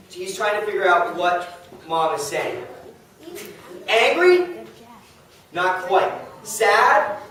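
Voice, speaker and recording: High-voiced man teaching, echoey and distant. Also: fairly bright tone. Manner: brisk, directive. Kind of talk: classroom instruction. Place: classroom. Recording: echoey classroom from far off.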